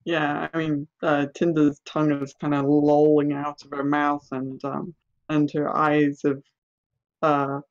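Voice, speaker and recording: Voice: mid-range voice, flat delivery, a little slow, dull audio. A game master narrating a tabletop game, hesitant and full of ums and restarts.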